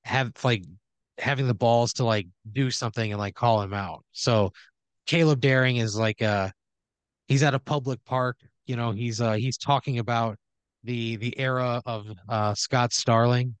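A man's voice: mid-range voice, fairly even intonation, normal speed, smooth, dry recording. A man on a comedy podcast telling a long improvised hypothetical, rambling with lots of "like" and "right?".

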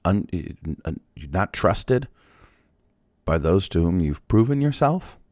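A man's voice: low voice, big pitch swings, slow, darkish tone, dry recording, studio quality. A man hosting a daily Bible podcast, talking conversationally with rhetorical questions and ending in prayer. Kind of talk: devotional talk and prayer.

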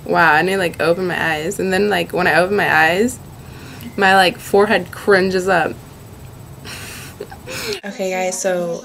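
A woman's voice: fairly low pitch, fairly even intonation, measured pace, gravelly, long pauses, fairly bright tone. Girl vlogging from her bedroom, giggly, says like constantly, faint noise behind. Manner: chatty, giggly, lots of "like". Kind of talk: casual chat.

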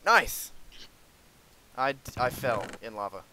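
Man, gameplay host, casual chat, excitable, bright tone, faint noise. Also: medium pitch, fairly quick. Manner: excitable, bursts into shouts and laughter. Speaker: let's play host.

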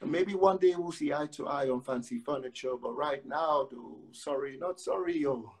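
A man's voice: medium pitch, moderate pace. A man, a poet, chatting loosely with many fillers and then reciting spoken word verse with rhythmic emphasis over a phone live stream. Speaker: guest poet. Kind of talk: casual chat and spoken word poetry reading. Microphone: phone on a live video stream.

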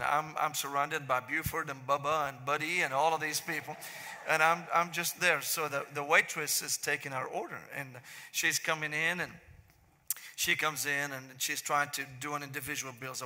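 Syrian-accented male preacher, middle-aged, bright ringing tone, long reverb in a big sanctuary. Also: a little high, fairly even intonation. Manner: joking storyteller turning to slow solemn prayer. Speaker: pastor. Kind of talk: sermon. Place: large church sanctuary.

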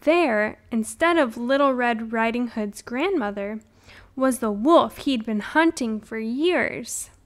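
A woman reads a children's storybook aloud at a slow, deliberate pace. Her voice is a little high and her narration is carefully scripted. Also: lively intonation. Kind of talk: scripted read-along narration.

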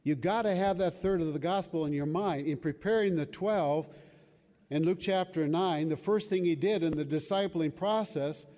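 A slightly high, mellow male voice at normal speed carries an older man's conversational sermon, in which he often asks the audience questions. Long hall reverb fills the recording.

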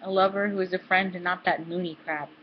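A woman's voice: on the low side, fairly even intonation, fairly quick, a little hiss or hum, lightly acted. A woman reading aloud as a brash young college woman who talks bluntly and swears freely, on a dull, lo-fi recording. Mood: tender. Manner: blunt and profane.

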